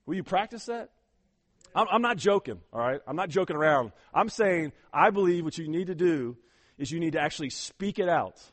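Male pastor with a slightly high voice, emphatic sermon delivery, repeats words. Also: lively intonation, brisk. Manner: emphatic, urging the congregation, frequent repeated words.

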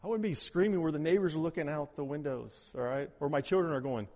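A man preaching a sermon as pastor, animated, swinging between hushed, soft passages and loud, emphatic ones. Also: fairly high pitch, fast, big-room sound.

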